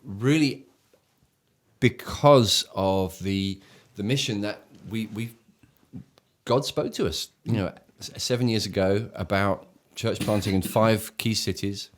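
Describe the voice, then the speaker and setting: A man's voice: fairly low pitch, slow pace. An English church leader co-hosting a casual talk show, speaking enthusiastically and often restarting his sentences. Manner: enthusiastic, searching for words with frequent restarts.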